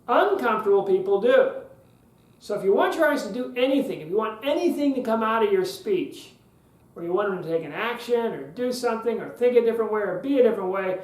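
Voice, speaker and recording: Male podcast host teaching public speaking; high voice, emphatic, deliberate pauses. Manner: emphatic, repeats key phrases, uses long pauses. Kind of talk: instructional podcast talk. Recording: roomy echo.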